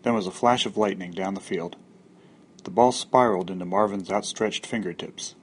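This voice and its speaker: A man reading a short story aloud in a steady, husky voice. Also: low voice, normal speed. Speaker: story reader.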